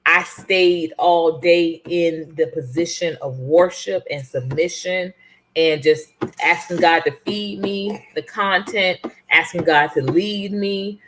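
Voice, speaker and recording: A woman co-hosting a relaxed couples talk show with her partner, talking casually with many fillers and restarts. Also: lowish voice, slow, slight background noise.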